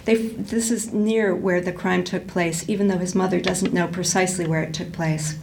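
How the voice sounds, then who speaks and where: A woman's voice: lowish voice, level tone, normal speed, vocal fry, darkish tone, slight background noise, poor audio. A woman reading from a novel aloud and then talking it over thoughtfully, with frequent ums and restarts. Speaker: book discussion presenter.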